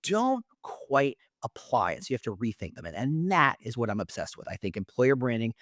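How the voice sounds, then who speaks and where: A middle-aged man, a podcast guest, explaining with energetic, theatrical enthusiasm and lots of repetition. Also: medium pitch, a little fast, dry recording, clean studio sound. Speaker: podcast guest, employer branding founder. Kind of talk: animated conversational explaining.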